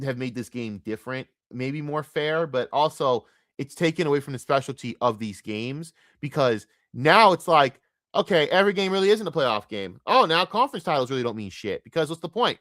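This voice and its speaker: A man hosting a podcast, delivering a heated, profane sports rant that swings between loud outbursts and low mutters. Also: animated, a little fast, no echo, clean studio sound. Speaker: podcast host.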